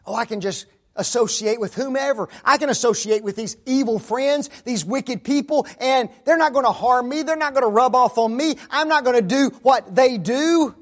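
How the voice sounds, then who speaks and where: A man's voice: normal speed, hardly any pauses. A man preacher voicing a brash young person who thinks they are invincible. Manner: high, brash, self-assured.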